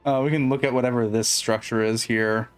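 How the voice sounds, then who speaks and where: A man's voice: mid-range voice, steady tone, a little fast, smooth, faint music behind. A man chatting casually while playing a co-op game, rambling and laughing often. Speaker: co-op game streamer. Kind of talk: casual gaming chat.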